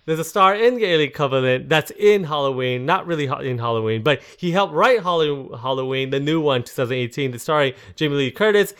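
A man's voice: on the high side, lively intonation, brisk, hardly any pauses, a bit bright, clear, resonant tone. A man co-hosting a casual movie podcast, rambling, tripping over names and laughing at his own jokes. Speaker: podcast co-host. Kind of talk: casual movie review chat.

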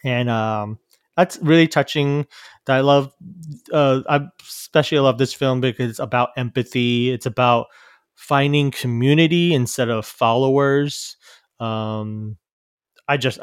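A man's voice: mid-range voice, clean tone, no room sound, clean studio sound. A man hosting a podcast, talking casually about films with many fillers, restarts and trailing-off asides. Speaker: podcast host. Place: live venue recording.

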